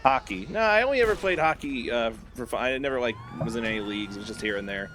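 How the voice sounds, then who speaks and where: A young man streaming a game, chatting casually and telling animated stories, laughing often. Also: mid-range voice, quick pace, a little hiss or hum. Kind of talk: casual chat while gaming.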